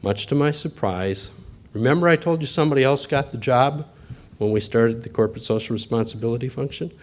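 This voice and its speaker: Man, middle-aged, executive giving a talk, folksy, anecdotal, mid pitch. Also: a little fast. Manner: folksy anecdotal storytelling with quoted dialogue. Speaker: bank executive speaker. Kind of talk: storytelling talk to an audience.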